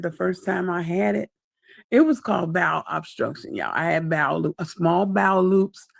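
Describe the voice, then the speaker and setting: A woman's voice: fairly low pitch, gravelly, a little mellow, no room sound, clean studio sound. A woman hosting a casual livestream update, chatting at length with her viewers and calling them y'all and baby. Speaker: livestream host. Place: at home.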